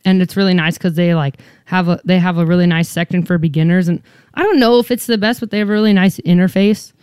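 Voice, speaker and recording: A woman guest in casual chat, animated and self-mocking, swearing freely. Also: lowish voice, quick pace, clear, resonant tone, no echo, clean studio sound.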